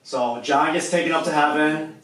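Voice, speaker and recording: A man teaches a group, often stopping to ask if they follow, his voice set a bit higher than most men's. He sounds far from the mic, and the room gives his words a very heavy echo. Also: normal speed, fairly bright tone. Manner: checks in with the audience often. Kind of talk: teaching a class.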